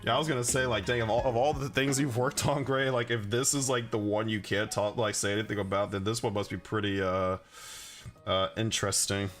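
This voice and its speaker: A man's voice: on the low side, steady tone, brisk, fairly bright tone, faint music behind. A man livestreaming while he paints miniatures, rambling casually with lots of fillers and chuckling as he answers his chat. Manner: rambling and chatty, full of fillers and chuckles, reads chat aloud.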